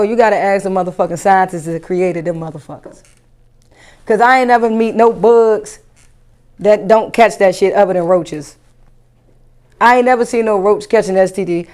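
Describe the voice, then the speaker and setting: A woman comedian doing a profane stand-up rant, animated and incredulous. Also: mid-range voice.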